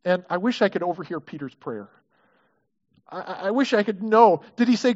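A man's voice: high-pitched, lively intonation, fairly quick, darkish tone, lo-fi sound. A man preaching a sermon in a conversational way, often acting out the people in the story and repeating words as he restarts. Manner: conversational, acts out quoted prayers, frequent restarts. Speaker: pastor.

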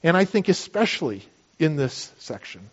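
A man's voice: fairly high pitch, big pitch swings, normal speed, breathy edge, muffled recording. A man preaching a sermon in a conversational manner, explaining with everyday illustrations. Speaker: pastor.

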